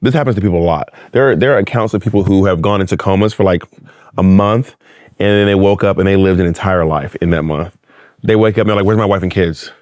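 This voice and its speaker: A man in his thirties, a guest in a casual interview, telling stories with big swings of pitch and frequent laughter. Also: quick pace, no echo, clean studio sound. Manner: animated storyteller, laughs often, swings pitch for effect. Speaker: guest, drag performer and author.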